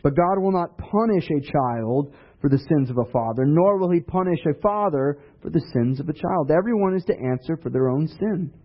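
A man's voice: on the high side, expressive, moderate pace, hardly any pauses. A man preaching a sermon in a conversational way, asking rhetorical questions. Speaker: pastor. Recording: dull lo-fi recording.

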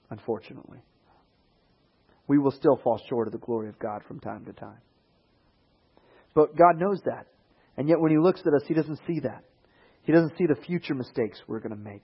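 Slightly husky man preaching a sermon. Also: mid-range voice, muffled recording. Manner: animated preaching with quoted voices and rising emphasis.

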